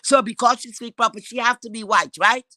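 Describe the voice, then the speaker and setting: A woman's voice: fairly high pitch, fairly even intonation, fairly quick, pushed and bright, no echo. A woman gives a heated commentary rant. She is blunt, swears freely and keeps asking rhetorical questions.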